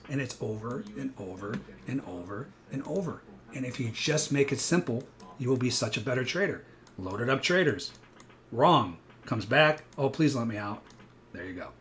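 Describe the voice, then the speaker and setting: Walking his audience through futures trades in real time, a man breaks down chart patterns and breaks into lively impressions of panicking traders, with rapid asides. He speaks in a mid-range voice, and a slight hiss or hum sits under the audio.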